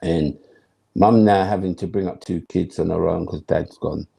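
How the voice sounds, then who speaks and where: A man's voice: low-pitched, fairly even intonation, normal speed, vocal fry, mellow, breathy edge. A man, a former footballer telling stories as an interview guest, emphatic and slangy, acting out his own thoughts. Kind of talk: animated storytelling in conversation.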